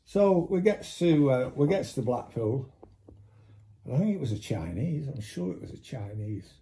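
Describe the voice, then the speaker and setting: Mellow-voiced man telling a swearing-laden story. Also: mid-range voice, big pitch swings, normal speed. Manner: swears freely, mimics voices in quotes. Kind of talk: casual anecdote.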